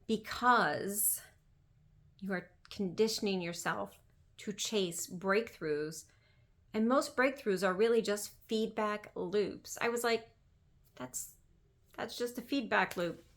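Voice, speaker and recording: A woman's voice: mid-range voice, slow, a bit bright. A woman business coach talking in a casual monologue, emphatic and chatty, repeating phrases and saying "like" often.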